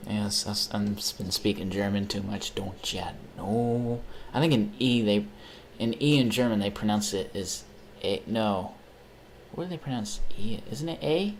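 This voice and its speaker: A young man chats casually on a live stream while gaming, rambling, swearing freely and poking fun at himself. His voice is on the low side at a normal speed, with a little hiss or hum in the recording.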